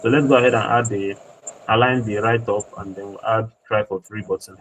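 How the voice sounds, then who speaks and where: A man's voice: lowish voice, steady tone, fairly quick. Patient man teaching design, noisy background. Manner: patient, repeats himself while working on screen. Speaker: design tutor. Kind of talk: screen-share tutorial walkthrough.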